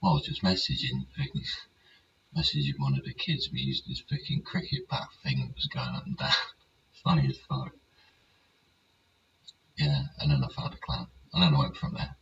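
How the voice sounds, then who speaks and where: A man's voice: rumbling low, brisk, fairly bright tone. An older English man hosting his own show in a rambling casual monologue, swearing freely and checking for agreement. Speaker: host. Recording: distant mic, dull sound, faint hiss.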